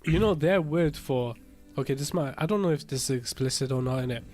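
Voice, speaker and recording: A man's voice: mid-range voice, fairly quick, soft background music. Slangy young man, laughing a lot. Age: young adult. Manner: slangy and animated, laughing often, lots of fillers. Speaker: podcast co-host. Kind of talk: casual chat.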